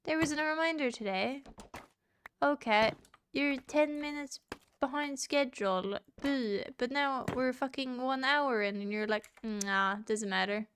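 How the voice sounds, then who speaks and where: This is casual live-stream chatter from a woman gaming, her voice high, a bit bright, and a little slow, with slight background noise. She teases viewers, swears liberally, and talks to her pet too.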